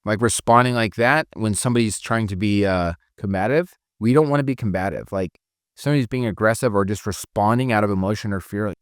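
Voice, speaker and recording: A male sales coach with a low voice talks through his lesson loosely and conversationally, full of fillers. The recording is close and dry. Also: a little fast, smooth, no echo. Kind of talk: casual teaching talk.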